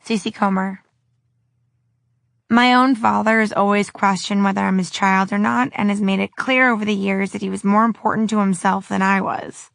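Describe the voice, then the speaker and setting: A woman with a mid-range voice and a gravelly, creaky edge reads a personal account for an audiobook. She sounds reflective and measured, recorded dry and close. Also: medium pitch, fairly even intonation, fairly bright tone, no room sound. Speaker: audiobook narrator.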